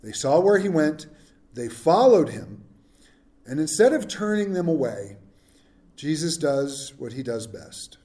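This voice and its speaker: A pastor preaching a sermon in a humorous, conversational way, often putting questions to the congregation. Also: male voice, a little high, sing-song, unhurried, mellow, reverberant.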